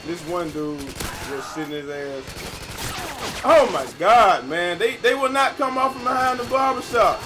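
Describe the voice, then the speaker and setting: A young man giving casual, profane gameplay commentary with a friend, excitable and breaking into sudden yells. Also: high voice, unhurried, background noise. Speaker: gamer playing with a friend. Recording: game gunfire and explosions loud behind voice.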